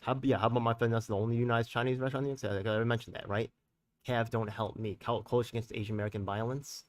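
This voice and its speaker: A community activist and live-stream host talks in a racing, steady, mid-range voice recorded from a distance, swearing freely and slipping into street slang. He rambles between points, talks straight to viewers with tag questions and keeps circling back to his anger.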